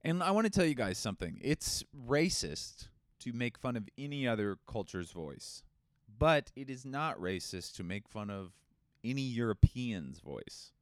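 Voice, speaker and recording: A man's voice: medium pitch, very animated, measured pace, no echo, clean studio sound. A young man co-hosting a podcast in casual comedic chat, joking and slipping into silly voices. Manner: jokey, slips into silly put-on voices. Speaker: podcast co-host.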